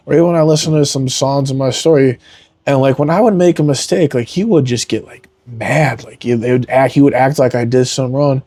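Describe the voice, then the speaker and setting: Earnest young man, mellow dry voice. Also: medium pitch, fairly even intonation, brisk, no room sound. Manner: earnest, rambling, heavy use of "like" and "man". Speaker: podcast guest, MMA fighter. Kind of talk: candid emotional interview talk.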